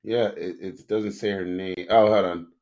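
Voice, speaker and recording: A man's voice: sits low, fairly even intonation, normal speed, a little mellow. Laid-back man telling stories. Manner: laid-back, profane storytelling. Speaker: podcast co-host. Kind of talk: casual chat.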